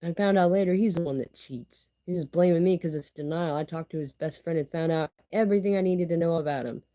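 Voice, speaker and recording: A woman's voice: fairly low pitch, fast talker, warm tone, rough recording. A woman talking candidly in a casual personal vlog, rambling and filling her speech with "you know" and "like.". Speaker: vlogger.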